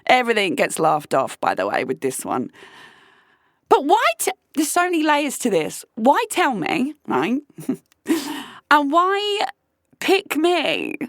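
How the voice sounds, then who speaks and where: A woman, a podcast host telling a story casually, animated and incredulous, swearing freely. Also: fairly high pitch, no room sound, clean studio sound.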